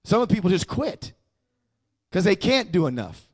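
High-voiced, emphatic male preacher. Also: big pitch swings, normal speed. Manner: emphatic, with call-and-response prompts to the congregation. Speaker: pastor. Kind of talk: sermon.

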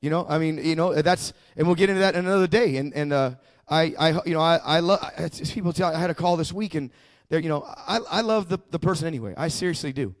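A man's voice: fairly high pitch, fast. A male pastor delivering a sermon as personal testimony, talking conversationally with stammered restarts and building to fervent emphasis.

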